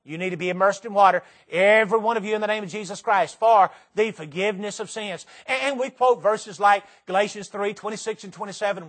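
High-voiced Southern preacher, earnest and emphatic. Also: male voice, fairly bright tone. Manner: earnest, repetitive, slow emphatic phrases. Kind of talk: sermon. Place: church sanctuary.

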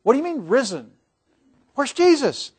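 A man's voice: very high-pitched, sing-song, moderate pace, husky, voice pushed up, exaggerated voice. A man voicing a group of puzzled women asking questions.

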